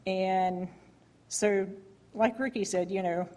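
A woman sharing a heartfelt personal testimony at church, rambling with many pauses and restarts. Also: medium pitch, steady tone, dark tone. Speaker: church member giving testimony.

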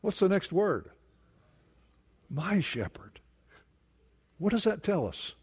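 Male pastor, fairly high voice, conversational sermon, slow emphatic stresses, long hall reverb. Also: very animated, a little mellow, breathy edge. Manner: conversational preaching with questions to the congregation.

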